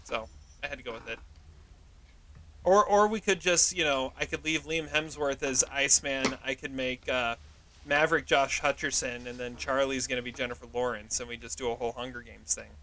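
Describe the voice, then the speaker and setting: A man hosting a casual podcast, animated and eager as he runs through his movie picks. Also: medium pitch, a little fast. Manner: animated, eager, laughs often. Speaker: podcast host.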